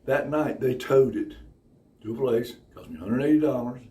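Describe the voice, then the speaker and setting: A man telling casual stories in an animated, profane way, acting out other people. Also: moderate pace. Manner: animated, profane, acts out other people's voices with big pitch jumps and laughter. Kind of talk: casual anecdotal storytelling. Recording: slightly distant mic with faint room noise.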